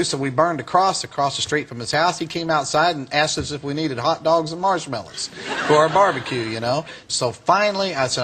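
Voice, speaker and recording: A man giving a speech, telling a story to an audience in an animated, chuckling way. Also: medium pitch, brisk, a little hiss or hum. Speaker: speaker.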